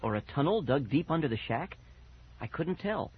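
A man's voice: fairly high pitch, sing-song, normal speed, slight background noise. A man narrating a first-person scary children's story on audiobook, dramatic and building suspense, on a muffled cassette recording.

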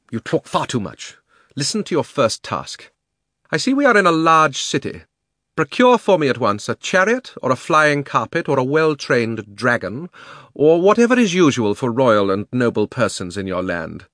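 A cold, imperious witch queen hands out orders with slow, scornful menace, as a man puts her on. The voice is lowish and recorded dry and close, a storybook reading. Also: very animated, fairly bright tone, no room sound, heavily acted. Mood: commanding. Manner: commanding, scornful, slow and deliberate.

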